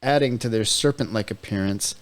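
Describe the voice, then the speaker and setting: A man's voice: on the low side, fairly quick. A man co-hosting a casual podcast, laid-back and sarcastic, at times reading out descriptive notes. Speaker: podcast co-host.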